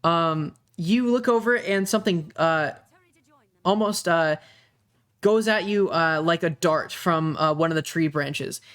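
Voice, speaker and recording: A young man narrating a tabletop game as game master, pausing often with ums and uhs. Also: on the high side, a bit bright, clear, resonant tone. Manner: halting, many ums and uhs.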